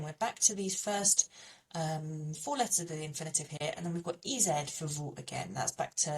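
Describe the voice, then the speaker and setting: A woman presenting a language lesson as a French teacher, explaining patiently and repeating French words slowly to model how they sound. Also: fairly low pitch, recorded from a distance.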